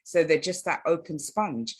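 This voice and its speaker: A woman's voice: low voice, expressive, moderate pace, husky. A woman hosting a parenting interview over a video call, speaking in an earnest, reflective way and repeating phrases. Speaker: podcast host. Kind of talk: conversational interview.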